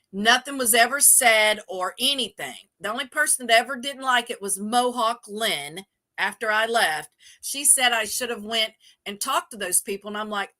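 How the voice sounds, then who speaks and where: Brassy woman telling a story. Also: medium pitch. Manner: storytelling, swears freely, animated. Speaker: show host. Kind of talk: casual livestream chat.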